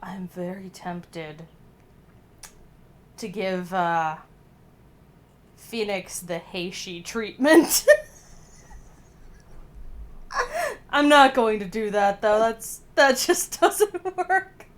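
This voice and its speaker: A woman's voice: a little high, very animated, very slow, pauses often. A woman streamer chatting casually through a game, laughing often and swearing now and then, with a slight cough as she gets over being sick. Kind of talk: casual let's-play commentary.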